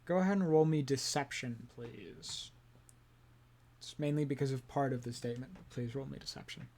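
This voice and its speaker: A man running a tabletop game as game master, playful and quick to laugh, who also voices a smooth demon casino owner. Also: medium pitch, darkish tone, slight background noise.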